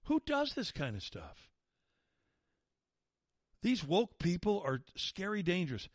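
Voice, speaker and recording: A man's voice: sits high, wildly swooping pitch, takes it slowly, no echo. A man hosting a talk radio show, ranting in an indignant, sarcastic monologue into a studio microphone.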